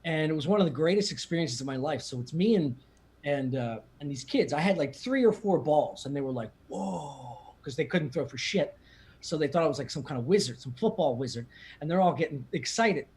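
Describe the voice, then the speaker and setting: A man's voice: fairly high pitch, lively intonation, a little fast, darkish tone, slight background noise. A man with a Philadelphia accent, a comedian guest telling rambling, profane stories in casual podcast chat. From Philadelphia area. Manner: profane, rambling storyteller with laughs.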